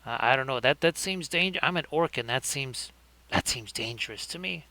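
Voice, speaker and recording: A man voicing a small, brash male orc who shows off his banner in folksy, gruff talk during a painting livestream. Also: mid-range voice, expressive, moderate pace, sharp tone. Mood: chummy.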